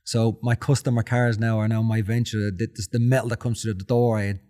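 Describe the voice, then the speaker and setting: A man's voice: on the low side, fairly quick. A man in his forties with a Dublin Irish accent, a podcast guest telling stories in a casual interview and acting out his own quotes with feeling. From Ireland. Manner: emotional, animated storyteller who acts out his own quotes.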